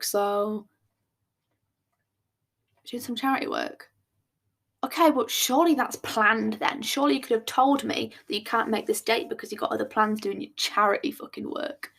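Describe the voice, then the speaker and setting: A young woman hosting a podcast, telling a date storytime in a blunt, animated way with swearing and acted-out dialogue. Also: on the high side. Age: young adult. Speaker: podcast host.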